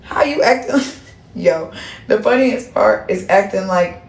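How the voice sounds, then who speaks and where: Woman livestreamer, mid-pitched, profane and confrontational; roomy echo. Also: lively intonation, a little slow, vocal fry. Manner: profane, confrontational, repeats herself. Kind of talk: heated live-stream rant to chat.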